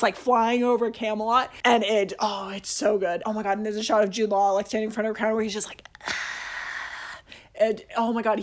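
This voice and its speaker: A young man hosting a casual movie review, excitedly rambling and swearing as he gushes. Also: high voice. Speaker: video essay host.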